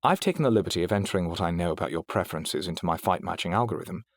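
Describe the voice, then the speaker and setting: A man with a low voice speaks in rapid-fire bursts, recorded dry, as he plays a refined, polite female AI companion in an audiobook. He gives her a British accent and precise, proper diction, and she comes across as courteous and poised.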